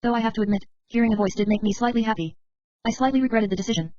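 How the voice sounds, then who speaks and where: A woman reading a novel aloud as first-person narration, in a brisk, steady way of telling an inner monologue. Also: a little high, no room sound. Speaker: audiobook reader. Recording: dry, slightly muffled recording.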